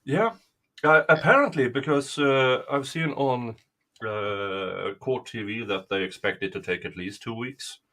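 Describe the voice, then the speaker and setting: A man hosting a casual live stream, talking haltingly with many fillers. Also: medium pitch, pushed and bright. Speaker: stream host.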